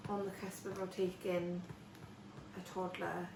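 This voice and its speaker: A woman's voice: on the low side, little pitch movement, takes it slowly, vocal fry. A young woman chatting casually as a family vlogger, rambling a little with fillers and restarts. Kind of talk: casual chat. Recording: echoey room, noticeable background noise, slightly distant.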